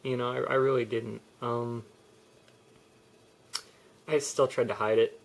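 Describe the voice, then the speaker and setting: A young man speaking candidly to his camera about his own life. He rambles, restarts his sentences and keeps the tone personal and unscripted. His voice sits in an ordinary middle pitch. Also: level tone, unhurried, creaky. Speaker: vlogger. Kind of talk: personal confessional vlog.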